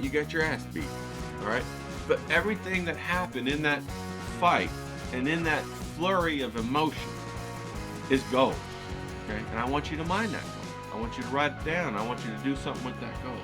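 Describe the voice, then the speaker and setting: A man hosting a writing challenge, telling a childhood story in an animated, chatty way and then coaching his viewers to write. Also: medium pitch. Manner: animated anecdotal telling, acts out quoted voices; coaching, rallying tone. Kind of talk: casual storytelling lesson.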